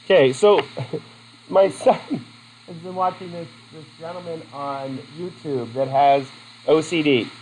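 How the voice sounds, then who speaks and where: A man's voice: a little high, slow pace, a little mellow, slight background noise, low-quality recording. Chatty man teaching a class. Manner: chatty, asks the class questions. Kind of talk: classroom lesson.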